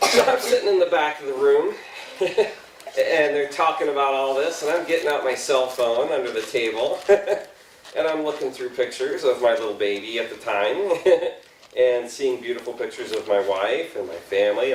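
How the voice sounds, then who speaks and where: A man's voice: medium pitch, slight background noise. A middle-aged man giving a storytelling talk to a youth group, self-deprecating, chuckling often and asking the audience questions. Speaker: youth confirmation speaker. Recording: echoey room, voice from far off.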